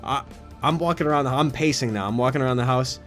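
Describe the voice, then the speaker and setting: A man's voice: mid-range voice, fast talker, fairly bright tone, soft background music. A man telling a rambling, crude personal story in a loose comedic manner with frequent swearing. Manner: breaks into laughter while telling a story, swearing.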